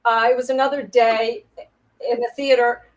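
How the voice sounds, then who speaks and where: Woman reminiscing about stage life, lively, often laughing, pitched a little high. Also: moderate pace, rough recording. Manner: animated anecdote-telling, laughs often. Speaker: guest, Broadway performer. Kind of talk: casual storytelling interview. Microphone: video call.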